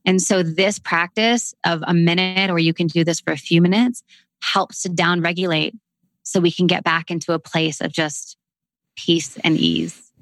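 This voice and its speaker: A woman with a Canadian accent who talks casually and then slows into a calm, soothing voice to guide a breathing exercise. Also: on the low side, no room sound. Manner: calm, slow, soothing when guiding.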